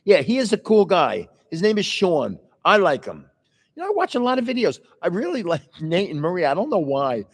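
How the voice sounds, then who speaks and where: This older man, hosting a casual livestream indoors in a building with another floor, talks briskly in a high voice with huge pitch swings. A long reverb tail follows his chatty, meandering stories.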